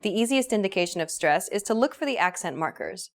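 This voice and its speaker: A woman's voice: mid-range voice, fast. Woman narrating a language lesson. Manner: clear, even teaching delivery. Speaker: language course host.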